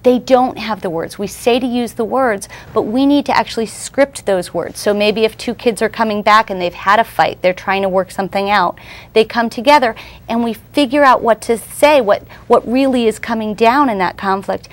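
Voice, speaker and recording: A woman's voice: fairly high pitch, normal speed. A woman in her thirties, a parenting expert guest on a TV show, explaining her ideas earnestly. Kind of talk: TV interview.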